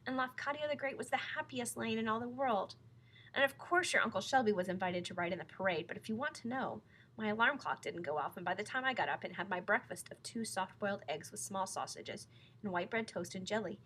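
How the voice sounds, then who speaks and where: Female storyteller, playful read-aloud, bright tone. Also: medium pitch, brisk, a little hiss or hum, poor audio. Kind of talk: reading a children's book aloud.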